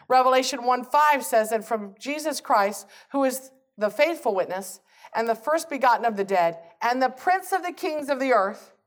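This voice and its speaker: A woman preaching with fervor, her slightly higher voice rising to forceful peaks as she reads and quotes scripture. It is a sermon delivery, emphatic and driving.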